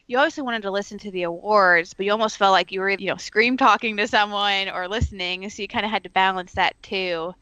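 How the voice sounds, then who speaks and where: A chatty woman co-hosts a podcast, telling her story with plenty of fillers. Her voice is bright and forceful, and the recording is very dry and close. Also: mid-range voice, steady tone, brisk, hardly any pauses, smooth, no room sound, dull audio. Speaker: podcast co-host. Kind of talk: casual chat.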